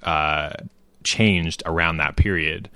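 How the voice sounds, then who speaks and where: A man's voice: rumbling low, smooth, no room sound. An American man co-hosting a podcast, rambling casually and laughing easily. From United States. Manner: rambling, animated, quick laughs. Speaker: podcast co-host.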